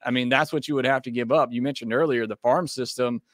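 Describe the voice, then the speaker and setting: A man hosting a sports podcast in an easygoing, conversational way, his voice sitting at an average pitch. He talks things through with frequent fillers and qualifiers. The sound is dry and close, with no room echo. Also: steady tone, quick pace, a bit bright. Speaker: podcast host. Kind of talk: casual sports podcast talk.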